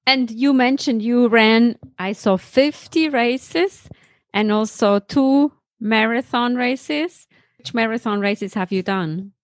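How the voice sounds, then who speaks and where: A woman's voice: on the high side, slow pace, no room sound. A woman hosting a podcast, talking in an upbeat, motivational way and interviewing a guest. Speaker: podcast host. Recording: loud guitar music behind.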